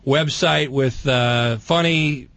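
A man's voice: mid-range voice, slow, gravelly, a bit bright, dry recording. Rambling self-deprecating male guest. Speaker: guest comedian. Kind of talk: casual talk show chat.

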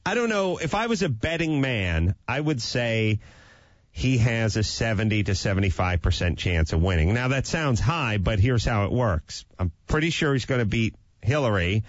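A man's voice: fairly low pitch, animated, normal speed, dry recording. A man hosting a talk show, chatting casually and riffing jokes on current events. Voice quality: joking, loose, riffing. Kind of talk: casual comedic chat. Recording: dull dry lo-fi broadcast sound.

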